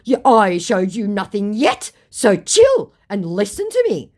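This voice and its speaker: A woman voicing a pleading, evasive male online scammer, slow and wheedling. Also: medium pitch, huge pitch swings, a little mellow, pitched above the performer's own voice. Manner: wheedling, drawn-out.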